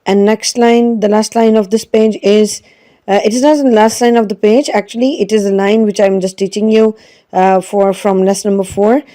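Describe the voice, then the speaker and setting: A woman's voice: medium pitch, fairly even intonation, normal speed, warm tone. A woman teaching an online Quran reading lesson, patiently drilling each syllable and repeating it. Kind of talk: slow spelled-out online lesson.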